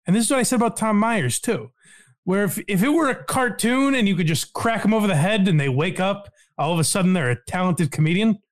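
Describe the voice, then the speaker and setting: High, animated male podcast host. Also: fairly quick. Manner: animated, wry, sarcastic. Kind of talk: casual podcast chat.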